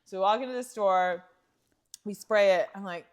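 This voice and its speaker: A woman's voice: medium pitch, normal speed, clean tone. Chatty woman podcast co-host. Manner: animated storytelling with laughs. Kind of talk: casual chat.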